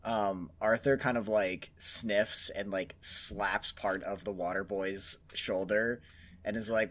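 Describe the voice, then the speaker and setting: A man's voice: on the low side, steady tone, slow, fairly bright tone. A man narrating his character's moves as a player, speaking hesitantly. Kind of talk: casual tabletop game chat.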